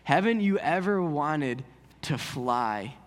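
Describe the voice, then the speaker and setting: A man voicing a sly male dragon that whispers in a soft purring voice. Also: fairly high pitch, animated, slow pace, big-room sound, voice pushed down. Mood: tempting.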